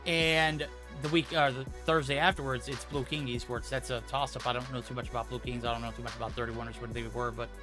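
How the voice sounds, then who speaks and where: A male esports caster who talks in an animated, joking way, suddenly getting louder and then dropping back. His voice sits at a middle pitch. Clear music plays behind him. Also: fast, few pauses. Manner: animated and joking, with big swings in loudness. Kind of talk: esports commentary.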